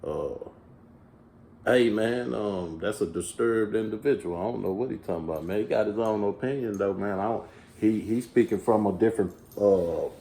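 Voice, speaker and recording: A man in casual podcast chat, animated and mocking, swearing and laughing often. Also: on the low side, moderate pace, a little hiss or hum. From Texas. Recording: echoey room.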